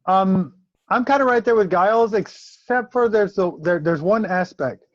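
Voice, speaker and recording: Co-host, male, high voice, animated and profane, lo-fi dry audio. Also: moderate pace, no echo. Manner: animated storyteller, swears freely. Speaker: co-host fighter. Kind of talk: casual chat.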